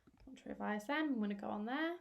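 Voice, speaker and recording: This young teacher talks fast in a mid-range voice over a screen-recorded tutorial, explaining things chattily and using fillers. She is losing her voice, which is growing hoarse.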